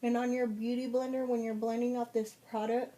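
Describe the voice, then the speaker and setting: A woman's voice: on the high side, flat delivery, brisk, mellow. A young woman walking viewers through a makeup tutorial, chatty and casual, giving step-by-step directions with fillers. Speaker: makeup vlogger.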